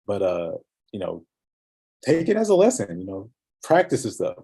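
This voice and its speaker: A man's voice: lowish voice, wildly swooping pitch, moderate pace, dark tone, slightly rough. A man in a casual coaching chat, talking with energy and emphasis.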